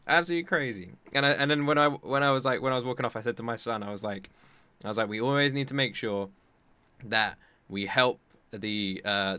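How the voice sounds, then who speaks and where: Chatty man, bright close voice. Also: fairly low pitch, smooth, no room sound. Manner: rambling, chatty storytelling with many restarts. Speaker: anime reaction streamer. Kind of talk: casual chat.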